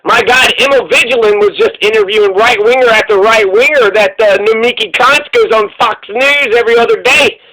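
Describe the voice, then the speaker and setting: A man with a strikingly high-pitched voice delivers a profane rant of political commentary. He is heavy on sarcasm and mockery, swearing freely as he talks. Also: brisk, few pauses, pushed and bright, rough recording.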